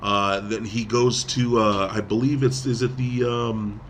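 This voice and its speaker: A man's voice: on the low side, steady tone, unhurried, fairly bright tone, slight background noise. A man co-hosting a podcast, casually retelling a film's plot with lots of fillers and restarts. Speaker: podcast co-host. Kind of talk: casual film review chat.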